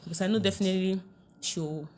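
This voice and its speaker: A woman relationship coach giving advice in a podcast interview, earnest and emphatic, repeating her key phrases and quoting others in a hushed voice. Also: mid-range voice, fairly even intonation, fast, slight background noise.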